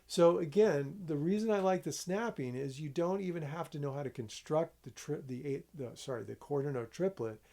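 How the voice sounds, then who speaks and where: A man's voice: fairly high pitch, moderate pace, few pauses, warm tone. A man teaching a music lesson, explaining rhythm step by step, counting aloud and checking in with his students.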